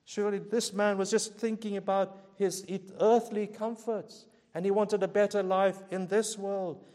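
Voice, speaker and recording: A man's voice: high voice, flat delivery, normal speed, darkish tone, in a large hall. A man preaching a sermon, earnestly pleading with his listeners and asking repeated rhetorical questions.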